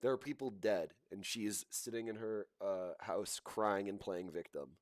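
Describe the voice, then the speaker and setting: Man, livestream host, indignant, repetitive, scornful laughs, low voice, dry close sound. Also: moderate pace, no room sound. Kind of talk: live reaction commentary.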